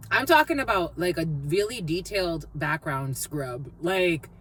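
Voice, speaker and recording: A woman's voice: lowish voice, expressive, unhurried, fairly bright tone, slight background noise. A woman giving a rambling spiritual reading, chanting repeated phrases and laughing often. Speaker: intuitive reader.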